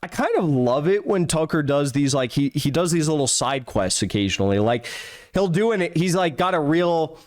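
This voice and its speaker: A man's voice: on the high side, lively intonation, moderate pace. A man hosting political commentary, sarcastic and rambling, full of fillers like "like" and "you know". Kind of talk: casual commentary over clips.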